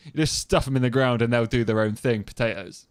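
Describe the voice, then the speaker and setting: A man's voice: mid-range voice, fairly quick, clear, resonant tone. A young man streaming a game, chatting casually, swearing freely and laughing often. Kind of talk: casual gaming stream chat.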